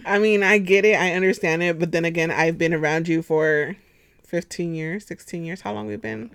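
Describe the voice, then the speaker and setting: A woman in her thirties hosting a podcast at home, chatty and expressive, laughing often. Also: fairly low pitch, normal speed, gravelly, clean tone, no echo. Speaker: podcast host. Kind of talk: casual chat.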